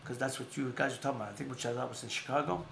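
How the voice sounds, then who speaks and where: A man's voice: mid-range voice, fairly even intonation, racing, creaky, a bit bright, slight background noise. A man hosting a casual talk show, rambling and repeating himself as he plugs sponsors. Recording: echoey room.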